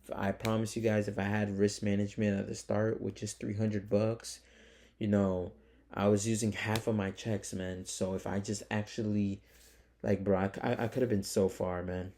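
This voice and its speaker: A man's voice: on the low side, flat delivery, moderate pace, darkish tone. A young man talking straight to his viewers in a casual vlog, rambling and earnest, full of fillers and calling them "guys" and "man". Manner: calls the audience "guys" and "man". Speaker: trading vlogger.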